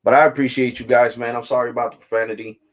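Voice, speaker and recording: A man's voice: mid-range voice, level tone, racing. A man hosting a tech vlog, ranting casually and bluntly to viewers in slang. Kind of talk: casual rant to camera.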